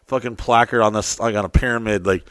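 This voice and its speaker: A man on a podcast telling crude stories and jokes, rowdy and profane, often jumping into loud high put-on voices. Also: steady tone, fast, no room sound, clean studio sound. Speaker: podcast host. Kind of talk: crude comedic podcast banter.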